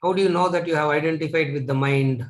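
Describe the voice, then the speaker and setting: A man's voice: on the high side, fairly even intonation, fast, roomy sound, a little hiss or hum, low-quality recording. A man with a Tamil-influenced Indian English accent gives a spiritual lecture. He repeats his key lines and asks the listeners rhetorical questions. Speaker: Vedanta teacher.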